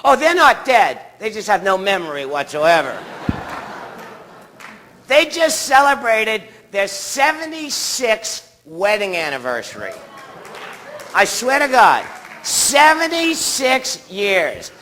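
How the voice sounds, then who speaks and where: A man works a live theatre crowd with a stand-up set, his voice pitched high and ringing bright. He rambles from bit to bit and keeps stopping to banter with the audience. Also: huge pitch swings, slow, slight background noise. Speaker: stand-up comic.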